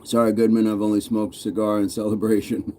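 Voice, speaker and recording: Laid-back man with a mellow low voice. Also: flat delivery, a little fast, slight background noise. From United States. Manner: reads viewer comments aloud, chuckling, loose and playful. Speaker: fitness channel host reading live chat. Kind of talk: casual live-stream chat.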